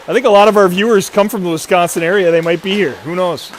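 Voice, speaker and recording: A man's voice: high-pitched, steady tone, quick pace, a little hiss or hum. A man doing chatty, rambling commentary on a youth hockey livestream. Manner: rambling, chatty, self-mocking.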